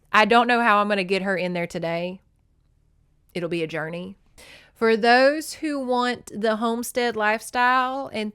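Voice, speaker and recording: A young woman hosting a podcast, telling a rural story in a blunt, animated, swear-heavy casual way. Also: a little high, smooth, no room sound, studio quality. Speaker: podcast host.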